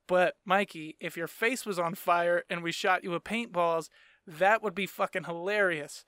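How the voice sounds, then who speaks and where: A man's voice: sits high, steady tone, normal speed, bright, forceful tone, clean tone, dry recording, clean studio sound. A man in his thirties hosting a casual solo podcast, rambling, swearing freely and laughing mid-sentence, often tagging his points with "right?". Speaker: podcast host.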